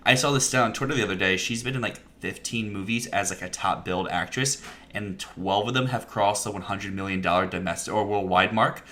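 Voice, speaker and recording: A man's voice: lowish voice, steady tone, fairly quick, hardly any pauses, pushed and bright, a little hiss or hum. A man, a podcast guest, talking enthusiastically about films in a casual discussion and laughing often.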